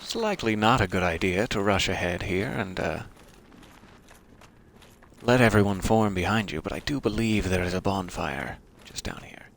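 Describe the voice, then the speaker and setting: A man's voice: sits low, normal speed, vocal fry, a bit bright, slight background noise. A man giving wry, self-deprecating commentary while playing a video game. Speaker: game streamer. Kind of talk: let's-play commentary.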